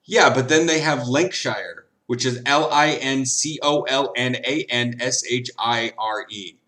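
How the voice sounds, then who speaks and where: Slow, rambling tipsy man streaming. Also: mid-range voice, pushed and bright. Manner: rambling, giggly, jokey. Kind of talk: casual chat while gaming.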